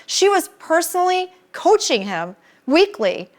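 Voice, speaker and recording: A middle-aged woman with a fairly high voice tells a long story as a podcast guest. Her talk is casual and animated. She acts out what other people said to her. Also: fairly quick.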